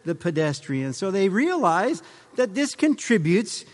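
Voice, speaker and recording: A man's voice: sits high, big pitch swings, measured pace, big-room sound. A middle-aged man addressing a live audience in a conversational way, with rhetorical questions and humorous asides.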